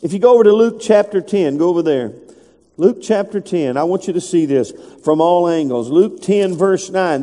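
Guy preaching in a church, warm highish voice, long echoey hall reverb. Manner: conversational preaching, reads scripture aloud, rises to emphatic calls. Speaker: pastor. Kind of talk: sermon.

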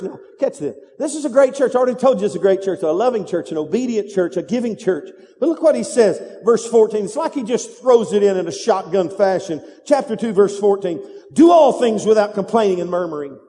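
A man's voice: high voice, creaky, warm tone. A male pastor preaching a sermon, urging his congregation to answer back and repeat after him. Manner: emphatic call-and-response preaching. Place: church sanctuary. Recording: long reverb of a large hall.

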